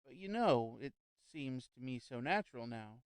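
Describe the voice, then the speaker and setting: A man voicing a young gentleman who speaks in a composed, lightly amused way. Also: medium pitch, animated, normal speed, clear, resonant tone, no room sound, natural voice. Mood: calm. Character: young gentleman, calm, wry and unshaken.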